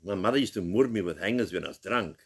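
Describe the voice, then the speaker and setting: A man's voice: deep voice, fast talker, fairly bright tone. A man hosting a joking live show, teasing his guests and laughing often. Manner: teasing, banters and laughs a lot. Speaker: host. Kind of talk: joking live-stream chat.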